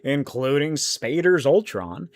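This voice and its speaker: Young guy podcast host, rambly and swears a lot, voice a bit high and bounces all over. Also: takes it slowly. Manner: rambling, animated, swears casually, thinks aloud. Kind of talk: casual solo podcast talk answering chat.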